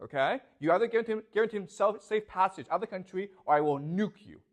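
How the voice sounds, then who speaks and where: A man's voice: sits high, animated, fast talker. A man doing a blustering president's ultimatum. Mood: threatening. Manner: boastful, blunt ultimatums. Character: blustering American president issuing nuclear threats.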